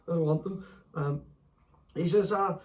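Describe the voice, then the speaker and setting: A man, telling stories in a sweary, animated late-night chat, laughing as he goes. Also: a little high, normal speed, far from the mic. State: a bit stoned. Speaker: podcast host.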